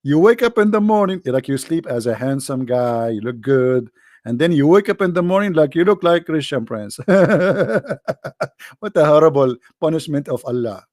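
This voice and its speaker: A man's voice: a little high, lively intonation, fairly quick, a little mellow, no room sound, studio quality. A man with joking and rambling in a teasing voice chat. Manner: teasing, rambling, non-native phrasing. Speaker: chat room speaker.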